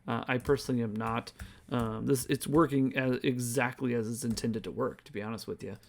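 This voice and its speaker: A man's voice: medium pitch, steady tone, fairly quick, gravelly. Rambling man reading numbers off a screen. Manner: rambling, thinks aloud, reads numbers off screen. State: tired, yawning. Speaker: crypto video host. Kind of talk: casual screen-share walkthrough.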